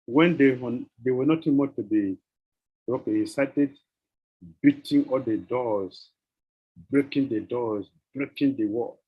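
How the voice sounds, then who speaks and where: A man giving a devotional lecture, telling sacred stories with rhetorical questions and an animated, questioning manner. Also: mid-range voice, unhurried, breathy edge, narrow, tinny audio. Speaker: spiritual teacher.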